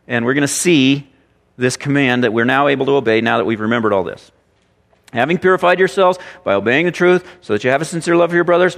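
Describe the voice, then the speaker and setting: A man pastor preaching a sermon, animated and full of rhetorical questions and repeated phrases. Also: fairly high pitch, long reverb tail.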